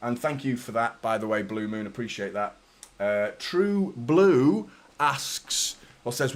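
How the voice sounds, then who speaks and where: Chatty football fan. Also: male voice, medium pitch, expressive, moderate pace. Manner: chatty, rambling, repeats "do you know what I mean". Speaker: football fan channel host. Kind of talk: casual vlog chat.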